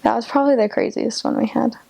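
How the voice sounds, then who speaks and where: A woman's voice: on the high side, fairly even intonation, fast talker, gravelly, dark tone. A young woman, a returned missionary, casually telling a personal story in an interview, chatty, with frequent fillers and little laughs. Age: young adult.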